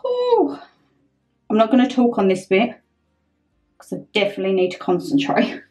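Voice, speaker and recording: A woman's voice: medium pitch, wildly swooping pitch, moderate pace, darkish tone. A young woman chatting through a getting-ready vlog at home, flustered and self-mocking. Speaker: vlogger.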